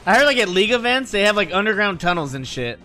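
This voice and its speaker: A man talking casually to his stream audience, telling stories in an animated, profane, joking way. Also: high voice, quick pace, faint music behind.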